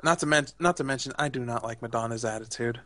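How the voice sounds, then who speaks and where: A man's voice: mid-range voice, fast talker, bright, forceful tone, dry recording. A young man co-hosting a casual chat, rambling and opinionated with lots of fillers. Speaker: podcast co-host.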